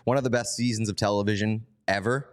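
A man with a deep, low voice co-hosts a sports podcast. He drops dry, deadpan quips in relaxed, casual talk. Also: fast talker. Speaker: podcast co-host.

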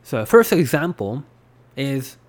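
A Japanese man with a Japanese accent hosts a casual podcast, rambling loosely and using lots of fillers. His mid-range voice swings widely in pitch, and he talks slowly.

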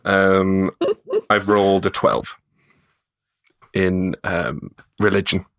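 A man's voice: low voice, flat delivery, slow pace, vocal fry, fairly bright tone, no room sound, clean studio sound. A man playing a tabletop game, hesitant and giggly as he describes his moves. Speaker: player. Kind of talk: casual tabletop play.

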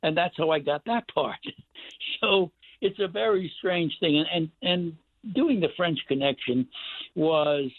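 An older man telling rambling, animated stories as a guest actor, with many restarts. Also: a little high, a little slow. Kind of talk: casual storytelling interview. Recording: tinny phone line, dry.

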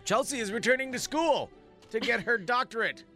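A male radio co-host trades casual, joking banter. His voice sits high and sounds bright. He laughs easily between news items. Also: lively intonation, moderate pace, soft background music.

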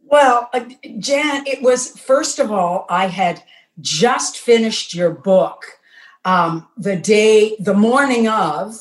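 A woman's voice: mid-range voice, slow pace, reverberant, rough recording. A woman, a guest actress telling an audition story in an effusive, emotional way, talking from her home kitchen. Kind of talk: casual interview chat.

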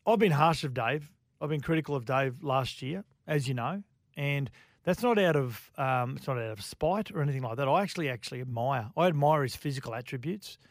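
A man's voice: medium pitch, no room sound, clean studio sound. A man co-hosting sports radio, giving opinions as he thinks aloud. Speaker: radio co-host and commentator. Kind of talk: casual sports radio chat.

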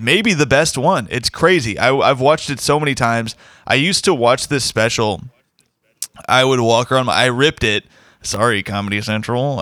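Male podcast host, casual and rambling, bright tone, dry close mic. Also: mid-range voice, no room sound. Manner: rambling, enthusiastic, with fillers. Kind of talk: casual chat.

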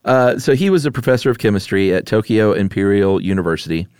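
A laid-back man with a fairly low voice, co-hosting a podcast and chatting casually. He laughs easily and keeps it loose. The recording is dry and close. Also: expressive, fast, a little mellow, smooth, no echo. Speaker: podcast co-host. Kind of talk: casual chat.

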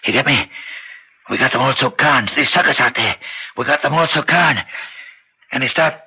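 A gravelly dying gangster boss. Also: male voice, medium pitch, normal speed, bright, forceful tone, heavily acted, poor audio. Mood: scheming. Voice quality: gravelly, rough street slang. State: bedridden and weak. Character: dying old gangster boss, scheming and bullying. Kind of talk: 1960s radio drama acting.

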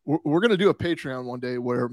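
A man's voice: medium pitch, animated, fast, darkish tone, no room sound. Rambling man with a dry close mic. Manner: rambling, restarts, laughs easily. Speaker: podcast co-host. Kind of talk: casual chat.

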